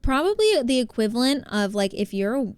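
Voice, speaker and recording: Her voice sits a little high, with big pitch swings, a brisk pace, and a clean tone in a dry recording. This New Jersey-accented woman from that state plays a game live, chatting with viewers, reading their messages aloud, and welcoming them.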